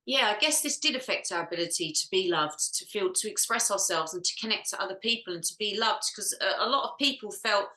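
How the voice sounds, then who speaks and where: A woman guides a group healing session in a bright, clear voice, checking each step aloud in a soft, musing way. She sounds close to tears at times. The room around her is echoey. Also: medium pitch, lively intonation, quick pace, hardly any pauses. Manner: soft, musing, talks to herself while checking. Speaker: energy healer.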